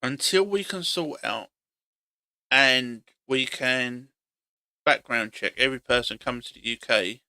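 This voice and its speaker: A man's voice: mid-range voice, unhurried, pushed and bright, clear, resonant tone, no echo. A man giving a blunt, opinionated monologue for his vlog, hammering the same points over and over. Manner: blunt, argumentative, repeats points. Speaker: opinion vlogger.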